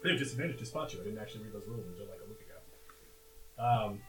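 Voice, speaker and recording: A man's voice: on the low side, lively intonation, quick pace, a bit bright, reverberant, recorded from a distance, soft background music, poor audio. A man running a tabletop western game as game master, narrating loosely with many fillers.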